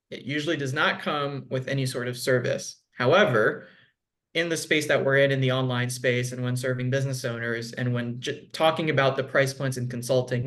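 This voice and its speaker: A man's voice: mid-range voice, fairly bright tone. A man on a video call, talking business as a guest in a loose, conversational way with lots of fillers. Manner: conversational, frequent "like" and "um". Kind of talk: casual video call chat.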